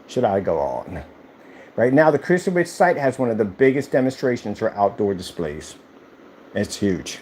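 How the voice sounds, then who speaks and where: A man's voice: mid-range voice, sing-song, a little fast, dark tone, a little hiss or hum. A man who owns a screen paint company, ranting casually on a livestream and firing off rhetorical questions.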